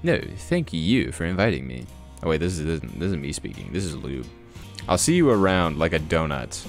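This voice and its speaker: A young man with a low voice that swings widely in pitch, chatting crudely over a visual novel game. He swears freely, laughs a lot and reads the on-screen text aloud. Soft music plays faintly behind him. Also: big pitch swings, a little fast, vocal fry. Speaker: gaming YouTuber.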